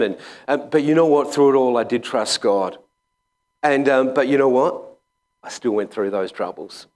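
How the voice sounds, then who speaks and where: A man, a school chaplain, preaching a sermon in a conversational, halting way with many pauses and restarts. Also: mid-range voice. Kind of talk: sermon with personal story.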